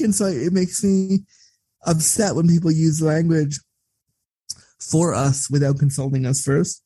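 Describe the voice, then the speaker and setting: A man talking as an interview guest, blunt and profane, telling stories in a candid, animated way. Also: on the high side, measured pace, husky, no room sound. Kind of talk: candid conversational storytelling.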